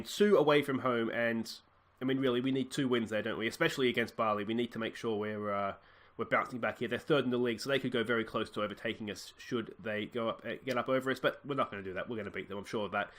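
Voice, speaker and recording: Excitable Australian man commentating his game. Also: medium pitch. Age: 30s. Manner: excitable, swings from shouting to deflated murmurs. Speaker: gaming video host. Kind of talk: live football game commentary.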